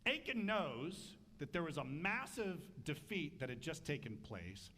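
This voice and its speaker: A man preaching a sermon as pastor, animated and humorous, acting out voices. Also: fairly high pitch, a little slow, slight background noise.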